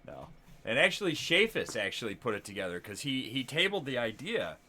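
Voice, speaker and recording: A man's voice: medium pitch, a little fast. A man hosting a live stream, chatting casually and telling stories with acted-out quotes and frequent laughter. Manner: animated storyteller, acts out quotes, laughs often.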